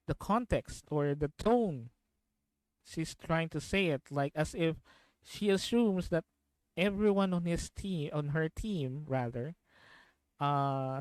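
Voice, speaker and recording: A man's voice: a little high, darkish tone, smooth, no room sound. A man chatting casually on a live stream, rambling, repeating himself and laughing often.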